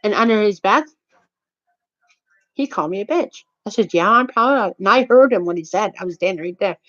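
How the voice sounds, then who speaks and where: A woman's voice: mid-range voice, a little fast, a bit bright. A woman casually retelling a heated personal anecdote, rambling and repeating herself. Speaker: storyteller. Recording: dull lo-fi recording.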